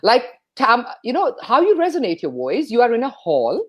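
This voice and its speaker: A woman from India, a speech coach and radio jockey giving an interview, talking expressively and playing up pitch and pauses. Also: wildly swooping pitch, breathy edge. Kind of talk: enthusiastic interview talk.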